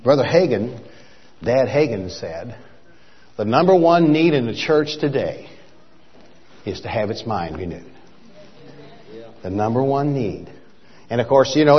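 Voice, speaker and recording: A man's voice: medium pitch, very animated, normal speed, pauses often, breathy edge. An older man with an Oklahoma accent, a traveling minister preaching in a folksy way, repeating words and building to emphatic rhythmic points. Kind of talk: sermon. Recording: dull lo-fi church hall recording.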